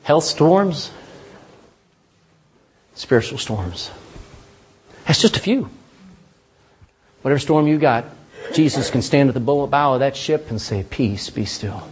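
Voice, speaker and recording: A man's voice: medium pitch, lively intonation, a little slow, pauses often, a little hiss or hum. A pastor preaching a sermon in church, folksy and emphatic, talking straight to his congregation.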